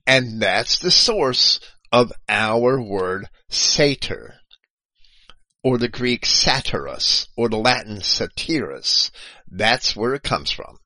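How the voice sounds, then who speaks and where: A man giving an unscripted explanatory monologue, lecturing in a halting way with frequent restarts and self-corrections and spelling terms out letter by letter. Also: mid-range voice, pushed and bright, dry recording, poor audio. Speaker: video host.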